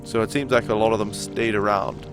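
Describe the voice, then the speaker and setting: A New Zealand man with a lowish voice talks briskly over game music. He's a game streamer chatting casually while he plays and reads out chat, relaxed and rambling, laughing often.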